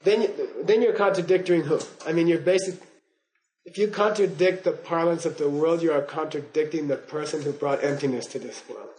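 A man's voice: on the high side, moderate pace, a little mellow, slight background noise, rough recording. An older man teaching a class, telling digressive stories, chuckling and checking in with "okay?" and "you know?". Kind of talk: lecture to students.

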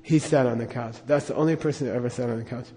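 A man's voice: mid-range voice, very fast, mellow, big-room sound, a little hiss or hum. Middle-aged man rambling through a story. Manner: rambling, chuckles often, many fillers. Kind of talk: personal anecdote.

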